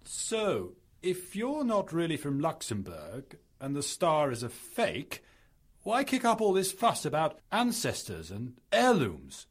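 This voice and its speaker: A man playing a husky, mild husband. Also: on the high side, huge pitch swings, slow, heavily acted. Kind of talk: comedy radio drama.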